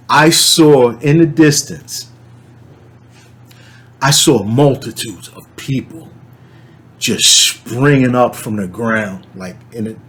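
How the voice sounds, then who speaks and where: A man telling a dream to camera in a casual, rambling way, with many fillers and restarts. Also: medium pitch. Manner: animated storyteller, shouts when reenacting. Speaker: channel host.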